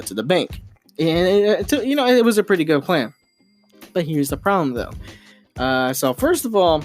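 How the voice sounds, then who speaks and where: A young man hosting a casual podcast, rambling with lots of fillers and restarts as he tells a frustrating story into his home microphone. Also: fairly high pitch. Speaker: podcast host.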